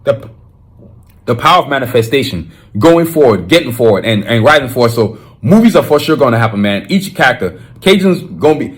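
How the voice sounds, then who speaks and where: A man's voice: medium pitch, sing-song, fairly quick. A man with a Nigerian accent talks alone as a podcast host. He speaks with emphasis and drive in a mid-range voice, often breaking off and restarting his sentences. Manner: emphatic and fired-up, with frequent restarts. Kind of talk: solo podcast monologue.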